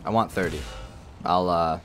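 Deep-voiced young man calling his game. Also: moderate pace. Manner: excitable, profane, bursts into shouts. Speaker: gaming channel host. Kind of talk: casual gameplay commentary. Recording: faint game noise behind. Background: game artillery and battle noise.

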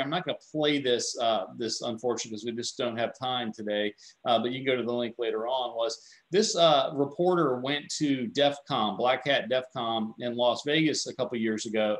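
A man's voice: medium pitch, poor audio. Chatty male security presenter. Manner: conversational, repeats and restarts words, animated storytelling. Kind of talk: informal tech webinar lecture.

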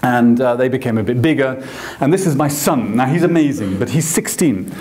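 A male photographer giving an anecdotal lecture, telling stories with animated acted quotes. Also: mid-range voice, moderate pace, reverberant. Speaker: photographer and guest speaker. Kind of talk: storytelling lecture. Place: lecture hall.

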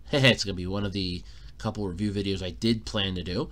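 A man's voice: low-pitched, fairly even intonation, fairly quick. A man hosting a casual solo podcast, telling an exasperated, swearing story, recorded in a borrowed room at a fire company. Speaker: podcast host.

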